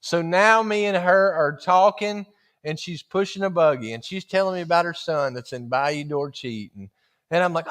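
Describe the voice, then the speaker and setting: A man's voice: fairly high pitch, expressive, normal speed, fairly bright tone. A man preaching in a folksy, humorous storytelling style, laughing through his stories. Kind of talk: storytelling sermon.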